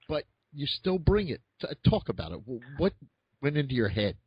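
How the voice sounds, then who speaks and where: A man's voice: mid-range voice, sing-song, normal speed, husky, dry recording, muffled recording. A man from Philadelphia hosting a radio talk show, interviewing a guest with enthusiasm and stumbling restarts. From Philadelphia, USA.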